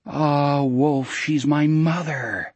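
A man's voice: a little high, steady tone, drawn-out words, darkish tone, slightly rough, dry recording, exaggerated voice. A man voicing a desperate teenage boy who pleads in an anguished, raised voice. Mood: pleading.

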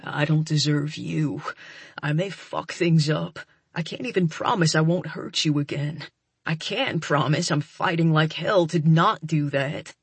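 A gruff, husky man torn by guilt and longing, as a woman narrator puts him on. His voice is low, gravelly and raspy, and his words come slow, quiet and heavy. He sounds tender and wounded in a romance audiobook. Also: no echo, heavily acted. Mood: intense.

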